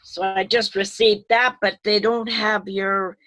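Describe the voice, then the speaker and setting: Elderly woman, 80, tearful, slow and halting, dry close video-call sound; rambling grateful remarks. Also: medium pitch, flat delivery, fairly bright tone, no room sound, rough recording. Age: 80s. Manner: halting, repeats words, rambling. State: tearful, voice breaking. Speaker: retired nurse, webinar attendee. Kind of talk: emotional open-floor remarks on a video call.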